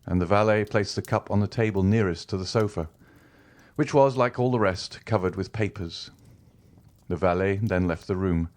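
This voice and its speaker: A man narrating a classic novel audiobook in a measured, even storytelling manner. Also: sits low.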